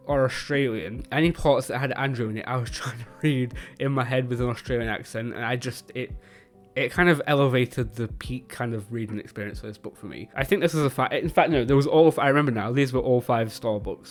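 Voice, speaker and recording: A British man chatting casually about the books he has read, often stumbling over words and correcting himself. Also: mid-range voice. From Britain. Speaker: book vlogger. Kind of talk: casual book review chat.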